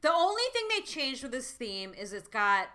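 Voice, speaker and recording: A woman co-hosting a casual wrestling chat, excitable and freely swearing. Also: sits high, moderate pace. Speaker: podcast co-host.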